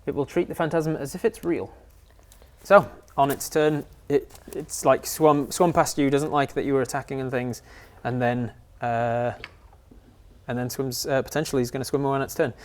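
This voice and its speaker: As game master of a tabletop game, a man explains the rules at length, using many fillers. His voice is medium in pitch, with fairly even intonation and a moderate pace.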